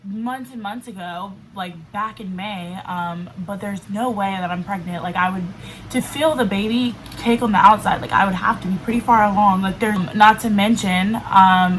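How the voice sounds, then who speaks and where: A woman's voice: medium pitch, fairly even intonation, normal speed, poor audio. A woman in her twenties casually telling a personal story to camera, filling her talk with "like". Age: 20s. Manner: chatty, fills speech with "like". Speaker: vlogger. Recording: faint background noise, level cutting in and out.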